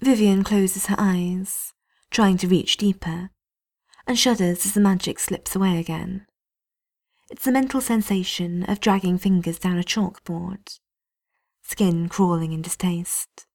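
A woman reading a story aloud in a hushed, often half-whispered delivery. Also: fairly low pitch, creaky. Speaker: narrator.

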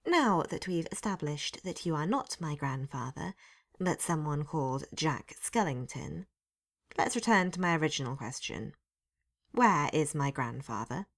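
A woman's voice: low-pitched, lively intonation, a little slow, full character voice. A woman doing a stern young governess. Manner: stern, clipped questioning.

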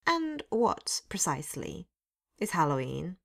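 Cast: stern young governess, unimpressed and clipped, a woman reading her, slow and gravelly. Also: lowish voice, big pitch swings, exaggerated voice.

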